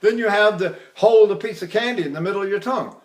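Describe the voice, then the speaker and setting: Older man, voice teacher, rambling anecdotal lecture, high-ish speaking voice. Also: quick pace. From Texas. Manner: chatty, demonstrating with sung vowels and anecdotes. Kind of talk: recorded vocal technique lecture.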